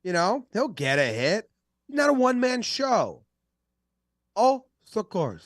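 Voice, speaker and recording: A man co-hosting a sports podcast, bantering in a joking, lively way and poking fun at accents. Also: sits high, unhurried, no room sound, studio quality. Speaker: podcast co-host.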